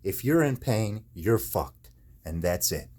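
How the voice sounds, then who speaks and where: A man's voice: fairly low pitch, lively intonation, takes it slowly, dark tone. A man in chronic pain delivering an angry, profane, repetitive rant in his own video. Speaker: video maker. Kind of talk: angry ranting monologue.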